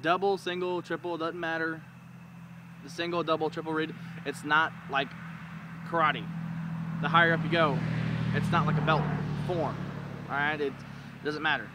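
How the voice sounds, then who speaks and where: A man's voice: fairly high pitch, flat delivery, moderate pace, long pauses. Casual man teaching outdoors, traffic behind. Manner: rambling, informal, demonstrates calls with sounds. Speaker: duck calling instructor. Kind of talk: casual how-to video.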